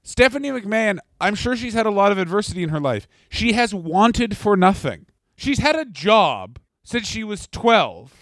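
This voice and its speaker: A man co-hosting a comedy podcast, ranting in crude, sardonic banter. His voice sits fairly high, and it is recorded close and dry. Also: sing-song, moderate pace, few pauses, fairly bright tone, dry recording. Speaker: podcast co-host.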